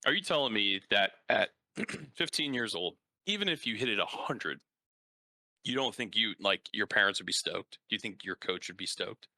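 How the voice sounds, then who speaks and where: A man's voice: lowish voice, moderate pace, creaky, no echo. A man hosting a casual interview, telling stories with lots of "like" fillers. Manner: animated storyteller, frequent "like" fillers. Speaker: podcast host and baseball coach.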